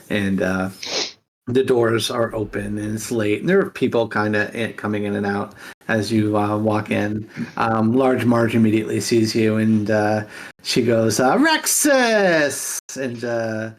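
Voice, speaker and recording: A man running a tabletop game as game master, narrating loosely and improvising the scene. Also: on the low side.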